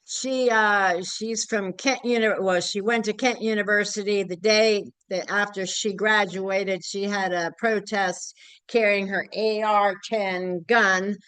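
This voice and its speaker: A woman's voice: mid-range voice, fairly even intonation, slow pace, fairly bright tone, clear, resonant tone, no room sound, low-quality recording. An older woman speaking at a community group meeting, candid and blunt, rambling with frequent fillers. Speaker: local activist group member.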